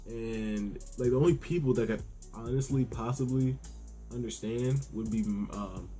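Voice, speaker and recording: A young man giving a casual, excitable manga review, slangy and profane, acting out the characters' lines as he retells the chapter. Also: on the low side. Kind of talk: casual reaction commentary.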